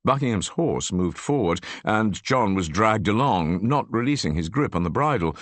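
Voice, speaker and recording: Deep-voiced guy reading an audiobook, super expressive, dry close sound. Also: moderate pace, hardly any pauses, no echo. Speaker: audiobook narrator. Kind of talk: scripted narration.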